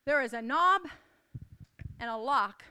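A woman's voice: high voice, lively intonation, takes it slowly, pushed and bright, slight background noise. A woman preaching a sermon to a congregation, declaring with rising emphasis and repeated calls.

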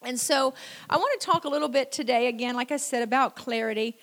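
A middle-aged woman preacher giving a sermon in a conversational storytelling way, with frequent "you know" and slow, repeated phrases for emphasis. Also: high voice, fairly bright tone.

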